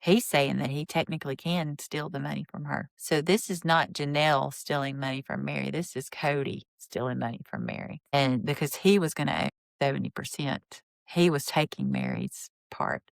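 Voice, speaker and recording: A woman's voice: low-pitched, expressive, normal speed, gravelly, few pauses, no room sound. A woman hosting a podcast, retelling and judging a reality TV episode in a blunt, indignant, opinionated way. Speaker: podcast host. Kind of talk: reality TV recap commentary.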